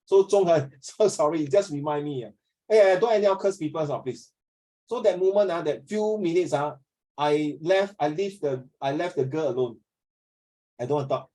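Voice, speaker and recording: A middle-aged Singaporean man speaks in a fairly high voice, teaching a class over a video call. He lectures in an earnest, preachy way and mixes Mandarin phrases into his English. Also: moderate pace, dark tone, low-quality recording.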